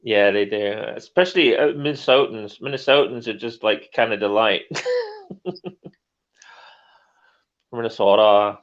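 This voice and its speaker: A man's voice: on the low side, measured pace, pauses often, dull audio. A middle-aged man co-hosting a livestream, chatting casually, laughing often and reading chat comments aloud. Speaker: livestream co-host.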